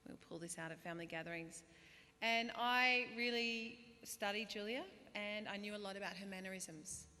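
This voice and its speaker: An Australian woman in her thirties giving a humorous, self-deprecating graduation speech, now and then bursting into loud put-on voices. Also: mid-range voice, normal speed. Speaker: guest speaker. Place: large hall. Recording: reverberant hall, faint ambience.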